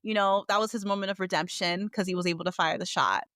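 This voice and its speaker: A woman co-hosting a casual review podcast, animated and acting out characters' lines as she retells scenes. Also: mid-range voice, quick pace, no room sound, studio quality. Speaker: podcast co-host.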